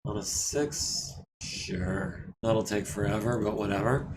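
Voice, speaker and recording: A man casually talking through repairs while streaming a strategy game, his throat a bit scratchy and often cleared. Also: fairly low pitch. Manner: relaxed, thinking aloud while managing repairs. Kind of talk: casual let's-play commentary.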